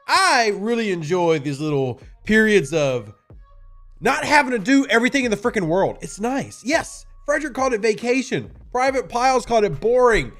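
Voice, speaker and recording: A man's voice: sits high, very animated, normal speed, fairly bright tone, soft background music. A man hosting a casual game live stream, chatting with viewers and answering their questions in a sarcastic, talkative way. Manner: sarcastic, chatty, talks to chat.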